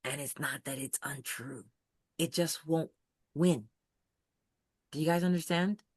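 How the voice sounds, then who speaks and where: A host leads a live study session over video call, speaking emphatically and repeatedly checking whether everyone understands, through a computer mic. The voice is mid-range, a little slow, darkish, and breathy-edged, with studio-quality sound and no room sound.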